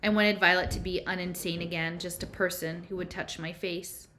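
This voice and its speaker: A woman reads a first-person novel aloud, conversational and a little unpolished, with small slips. Her voice sits slightly low. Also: steady tone, normal speed, sharp tone, a little hiss or hum. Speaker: audiobook reader.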